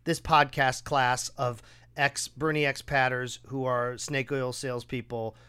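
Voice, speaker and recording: A man hosting a podcast, chatting casually and acting out quotes with a raised, animated voice. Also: medium pitch, unhurried, smooth. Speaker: podcast host. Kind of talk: casual conversation.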